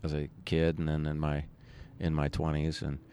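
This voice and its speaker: A man's voice: rumbling low, monotone, normal speed, warm tone, a little hiss or hum. A man being interviewed as a musician, talking casually and rambling with many restarts. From United States. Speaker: musician guest. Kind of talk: conversational interview.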